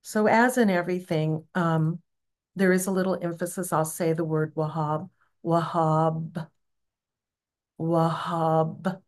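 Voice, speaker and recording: A woman teaching a gentle devotional practice, explaining sacred words and leading the group in a repeated chant. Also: on the low side. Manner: gentle, unhurried, encouraging. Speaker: spiritual teacher.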